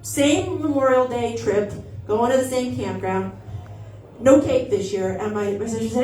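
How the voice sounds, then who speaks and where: A woman on stage telling a stand-up story, her pitch jumping up and down as she acts out the other people in it. She sounds a little far from the mic, in an echoey room. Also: fairly quick, soft background music. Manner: animated storytelling, acting out voices of family. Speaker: stand-up comedian. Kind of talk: stand-up comedy set. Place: comedy club stage.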